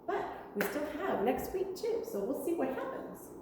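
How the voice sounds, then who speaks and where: A young woman teaching a virtual preschool lesson in a room with windows, talking slowly in a sing-song way to small children. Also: high voice, big pitch swings, far from the mic, noisy background. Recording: echoey room with long reverb.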